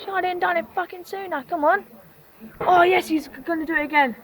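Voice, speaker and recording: A woman's voice: very high voice, fairly even intonation, brisk, background noise. A woman filming a casual vlog, talking in a rowdy, crude way and swearing and laughing freely as she cheers on fireworks. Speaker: vlogger. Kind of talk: excited casual commentary while watching fireworks.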